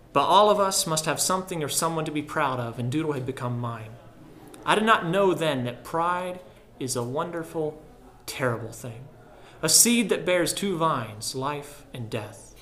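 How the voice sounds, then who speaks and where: A man narrating a literary story in a measured, reflective way. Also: a little high. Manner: measured and reflective, dropping softer at solemn lines. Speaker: audiobook narrator.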